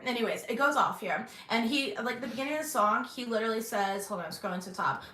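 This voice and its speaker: A woman hosting her channel from her bedroom, giving a casual intuitive tarot reading, chatty with many "um"s and throat-clearings. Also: a little high, fast, hardly any pauses, sharp tone. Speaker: tarot reader and channel host. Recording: echoey bedroom, faint background hum.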